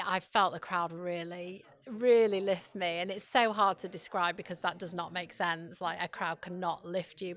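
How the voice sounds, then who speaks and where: A woman former athlete, a guest in a podcast interview, giving measured, thoughtful answers while in a stadium. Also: fairly low pitch, fairly bright tone.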